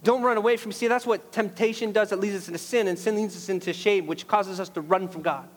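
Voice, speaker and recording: A man's voice: sits high, a little fast, long reverb tail. A man preaching a sermon as pastor, impassioned, rising to emphatic peaks on key phrases.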